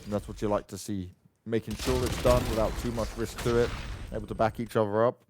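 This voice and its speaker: A man casting an esports match, giving play-by-play commentary with excitable, joking banter alongside his co-caster. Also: lowish voice, fast. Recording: noisy game sound behind voice.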